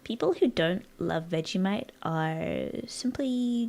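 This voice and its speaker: A woman's voice: medium pitch, takes it slowly, gravelly. An American woman streaming live, chatting casually and playfully with her viewers while she works on a design. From United States. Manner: chatty, playful, teasing, rambling asides to chat.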